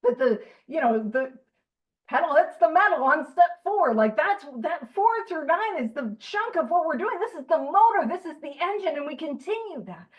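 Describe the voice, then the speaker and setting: A woman giving a lively talk to a study group. She jokes, laughs often, and turns earnest and emphatic when she makes her point. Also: sits high, moderate pace, highs cut off. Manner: joking, animated, laughs often. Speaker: speaker at a recovery book study.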